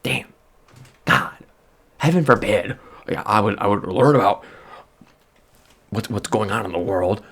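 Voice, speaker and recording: A man rambling in soft-spoken ASMR chat at a close microphone, drifting from hushed murmurs to excited outbursts. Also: fairly low pitch, measured pace, pauses often, husky. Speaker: vlogger.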